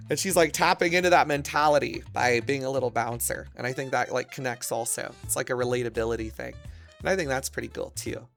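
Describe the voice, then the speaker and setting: Gravelly, bright-voiced crude male streamer. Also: medium pitch, brisk, faint music behind. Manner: crude, rambling, excitable bursts. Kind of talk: casual stream chat.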